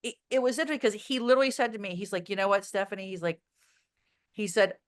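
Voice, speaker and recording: A woman guest in a casual interview, talking bluntly and telling animated stories with plenty of fillers. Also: mid-range voice, quick pace.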